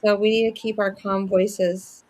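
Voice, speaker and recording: An enthusiastic woman talks casually as a guest. Her voice sits at an ordinary middle pitch. She is chatty and upbeat. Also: level tone, unhurried, a little mellow. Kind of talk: casual chat.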